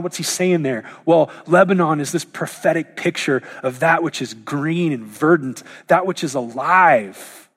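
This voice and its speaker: A man preaching a sermon in a conversational way, paraphrasing God's words in everyday speech and slowing down to stress key lines. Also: on the high side, fairly bright tone, slightly rough. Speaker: pastor.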